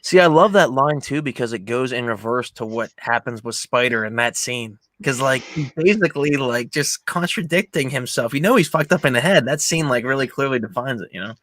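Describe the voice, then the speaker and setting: Young male podcast host, very lively pitch, dry close sound, animated storyteller, casual swearing. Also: brisk, hardly any pauses, dry recording. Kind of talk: casual film discussion.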